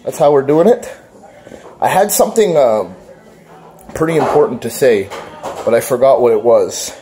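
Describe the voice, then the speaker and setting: A man's voice: medium pitch, lively intonation, moderate pace, dark tone. A man with a Toronto accent, joking and rambling as he chats to his vlog camera. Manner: joking, rambling, laughs at himself. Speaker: vlogger, father. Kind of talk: casual vlog chat.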